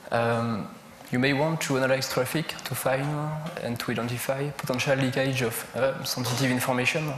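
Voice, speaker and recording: A man's voice: mid-range voice, steady tone. French-accented male presenter, mid-range voice, hesitant delivery, roomy conference-hall sound. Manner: halting, searching for words, listing examples. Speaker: conference speaker. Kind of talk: technical conference talk. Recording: echoey lecture hall with a faint hum.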